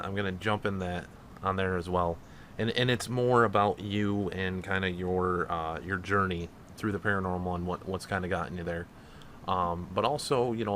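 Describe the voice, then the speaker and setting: Very deep-voiced man hosting a show. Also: fairly bright tone, slight background noise. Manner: loose, meandering questions with fillers. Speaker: podcast host. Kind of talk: casual interview questions.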